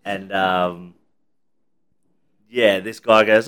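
A man's voice: lowish voice, moderate pace, a bit bright. An Australian man chatting casually on a podcast, telling stories and acting out the people in them. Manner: laid-back, swears, acts out quoted lines. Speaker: podcast co-host. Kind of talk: casual chat, storytelling.

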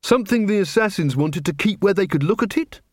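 A man's voice: high voice, animated, a little fast, dry recording, studio quality, pitched above the performer's own voice. A man voicing a young woman constable in a city watch, hesitant and guarded, in a raised, lighter voice.

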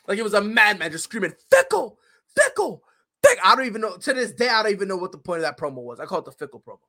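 A man's voice: a little high, sharp tone. A young adult man hosting a podcast, ranting in a profane, fired-up, slangy way. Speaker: podcast host. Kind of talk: opinionated casual podcast rant.

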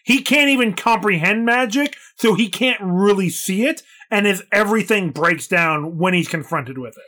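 A man's voice: high-pitched, expressive, normal speed, bright, forceful tone, a little hiss or hum. A man co-hosting a casual film podcast, emphatic and analytical, with some casual swearing. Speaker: podcast co-host.

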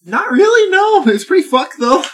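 A man co-hosting a podcast in casual chat, excitedly retelling a movie, swearing and acting out lines in voices. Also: very high voice, moderate pace, slight background noise. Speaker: podcast co-host.

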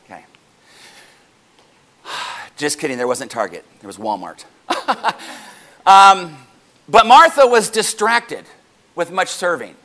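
A man pastor preaching a sermon to his congregation, animated and joking with them as he goes. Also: sits high, slow pace, long pauses.

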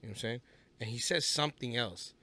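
A man's voice: mid-range voice, quick pace, pushed and bright. A man, a rapper guest on a podcast, telling stories in a loose, profane way and acting out the people he quotes. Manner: storytelling, profane, acts out quoted voices. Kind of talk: casual podcast interview.

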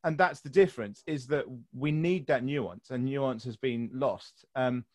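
A man's voice: mid-range voice, a little slow, darkish tone, no echo, clean studio sound. A British man hosting a podcast, talking frankly and swearing freely, often laughing at his own jokes. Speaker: podcast host. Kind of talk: casual podcast chat.

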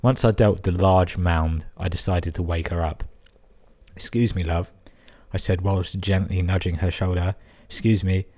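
A man's voice: deep voice, fairly even intonation, moderate pace, hardly any pauses, a little mellow. A man hosting a podcast, reading out listener emails and breaking in with crude, amused asides. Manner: crude, sweary, amused interjections. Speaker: podcast host.

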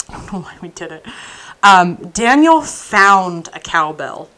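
A woman co-hosting a podcast in easy, casual conversation. She tells her stories in an animated way, her sentences threaded with "like" and "um." Laughter keeps slipping into her telling. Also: on the low side, slow, low-quality recording. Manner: animated storyteller, frequent "like" and "um"; laughs through her anecdotes. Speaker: podcast co-host. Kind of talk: casual chat.

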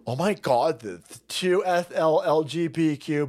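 A man's voice: fairly high pitch, big pitch swings, a little slow, hardly any pauses. A middle-aged man hosting a livestream, ranting in a profane, rambling and mocking way and thanking viewers for donations. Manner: foul-mouthed, rambling, mocking; reads donor messages aloud. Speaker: livestream host. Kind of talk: profane political rant and chat reading.

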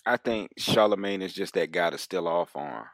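A man co-hosting a casual podcast chat, laid-back and agreeable, quick to laugh. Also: low voice, fairly bright tone, no echo, clean studio sound. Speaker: podcast co-host.

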